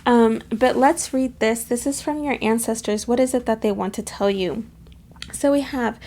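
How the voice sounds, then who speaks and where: A woman's voice: a little high, normal speed, dark tone. A woman giving a casual pick-a-card tarot reading, chatty and gushing, with lots of fillers and affectionate asides. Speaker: tarot reader.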